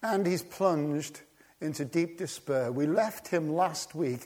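A man preaching a sermon, dramatic, swinging from hushed tones to urgent, rising appeals. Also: fairly high pitch, animated, slow, husky.

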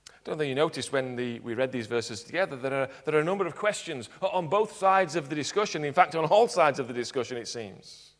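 A man preaching a sermon in church, earnest, dropping to quiet emphatic points. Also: fairly high pitch, animated, fast talker. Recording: long hall reverb.

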